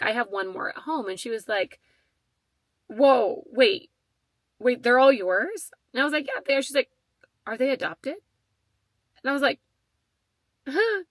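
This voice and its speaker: A woman in her thirties hosting a podcast, telling a personal story in a casual, animated way with lots of fillers and quoted back-and-forth. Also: medium pitch, vocal fry, no echo. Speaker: podcast host.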